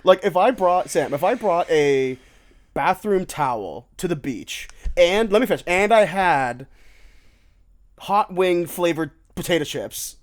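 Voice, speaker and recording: Teasing young man, lively pitch. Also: measured pace. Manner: laid-back, teasing, laughs often. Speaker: podcast co-host. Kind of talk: casual chat.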